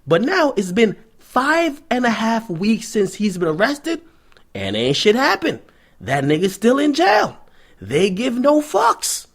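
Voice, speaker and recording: A young man delivers a profane, sarcastic rant for his commentary vlog. His pitch sits a bit high for a man and swings widely from line to line. His voice has a husky, slightly breathy grain. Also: slow pace. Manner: profane, sarcastic, animated storytelling. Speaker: vlog host and hip-hop commentator. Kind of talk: ranting news commentary vlog.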